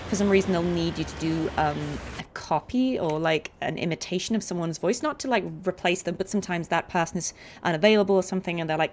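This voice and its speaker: A woman's voice: fairly low pitch, fast, few pauses. A woman voice actor chatting through a game with lots of fillers and rambling asides. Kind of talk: casual let's-play commentary. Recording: game sounds under the voice.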